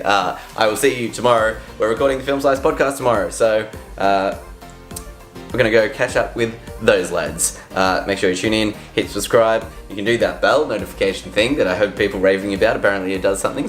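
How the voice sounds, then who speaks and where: A brisk man with a lowish voice runs a laid-back vlog of voiceover tips, upbeat and self-mocking as he talks into a standing studio mic. The furnished room, with its couches and chairs, gives the sound a roomy echo, and faint music plays.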